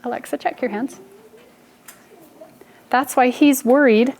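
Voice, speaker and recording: A woman teacher giving a phonics lesson in a classroom, speaking slowly and enunciating every sound deliberately. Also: high-pitched, darkish tone.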